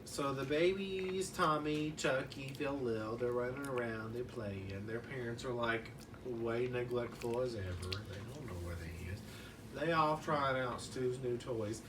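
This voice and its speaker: A man telling a crude, rambling comedic story to friends in a deadpan way, recorded from a distance. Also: mid-range voice, unhurried, background noise.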